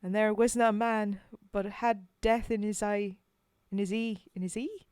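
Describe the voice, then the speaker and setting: A woman reading a war poem aloud in a put-on Scottish accent, loud and dramatic. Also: medium pitch, steady tone, moderate pace, clean tone, no room sound, natural voice. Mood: rousing. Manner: loud, rolling, dramatic recitation.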